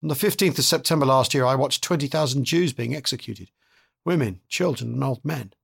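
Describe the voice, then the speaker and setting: A man's voice: medium pitch, brisk, gravelly, breathy edge. A man doing a mournful sing-song holy fool. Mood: earnest. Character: strange ageless male holy fool, mournful and earnest.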